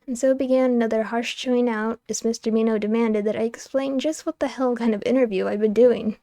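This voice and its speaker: A young woman streamer reading a game's narration aloud, lively and wry, on a close microphone. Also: on the high side, brisk, few pauses, no room sound. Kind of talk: expressive narration of a game's text.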